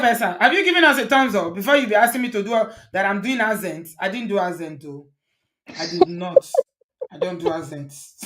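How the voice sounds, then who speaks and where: A woman's voice: on the high side, a bit bright. Chatty, teasing woman hosting a live chat. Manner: chatty, teasing, laughs often. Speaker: host. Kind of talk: casual live-stream chat.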